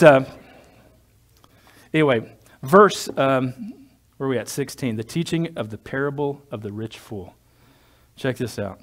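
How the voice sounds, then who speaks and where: A male pastor preaching a sermon in a conversational, digressive way, with joking asides to his congregation. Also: mid-range voice.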